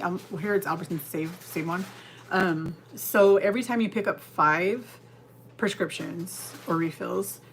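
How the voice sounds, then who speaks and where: A woman's voice: lowish voice, a bit bright, a little hiss or hum. A woman from California hosting a live stream, chatting casually and rambling as she answers viewers' comments from her kitchen. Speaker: livestream host. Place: home kitchen.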